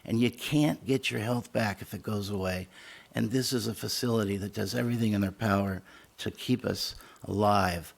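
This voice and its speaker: Male council member, emotional and impassioned, lowish voice. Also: moderate pace, creaky. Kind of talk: council meeting remarks.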